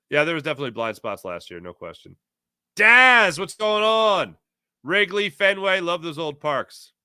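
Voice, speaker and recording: A man's voice: mid-range voice, clear, resonant tone, no echo, studio quality. A man hosting a casual sports talk show, reading viewer chat and telling stories in a chatty way with frequent laughs. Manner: animated, chatty, laughs often, storytelling.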